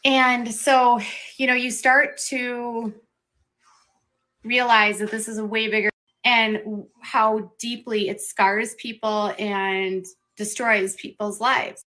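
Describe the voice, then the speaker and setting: A woman hosting a live stream, talking earnestly about a serious issue in quick bursts. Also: fairly high pitch, level tone, pushed and bright, low-quality recording. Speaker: livestream host. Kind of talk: serious commentary on a social issue.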